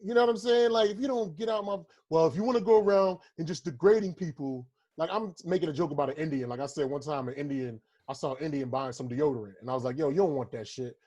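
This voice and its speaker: A husky-voiced American man riffing loosely on a podcast, profane and rambling. His voice sits a little high for a man, and he jumps into mocking voices when he tells a bit. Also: fast talker, hardly any pauses, a little mellow. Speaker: podcast co-host, comedian. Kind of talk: casual podcast banter.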